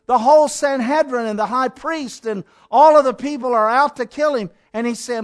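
A man preaching a sermon in a notably high voice. He talks dramatically and leans into repeated phrases that build one on another. He speaks straight to his listeners, calling each one "my friend". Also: moderate pace, hardly any pauses.

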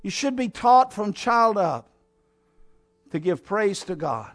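A pastor with a strikingly high-pitched voice preaches to his congregation. He tells the story like a dramatist, one moment lifting into fervent exhortation, the next dropping low and confiding. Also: very animated, slow. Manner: dramatic storytelling, acting out scenes; swings between raised exhortation and low intimate asides. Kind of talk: sermon.

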